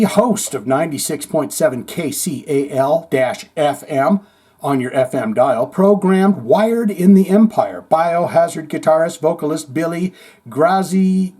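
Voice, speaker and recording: A high-voiced man with a husky, mellow tone hosts a comedic news podcast. His delivery swings all over the place as he reads stories aloud and tosses in playful, jokey asides. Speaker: podcast host.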